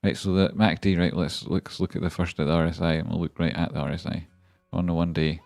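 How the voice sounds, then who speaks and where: A man's voice: low voice, flat delivery, fast talker, vocal fry, darkish tone, no room sound. A man rambling through live chart analysis, joking and talking to viewers by name. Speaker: stock market streamer. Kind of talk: live-streamed chart analysis and chat reading.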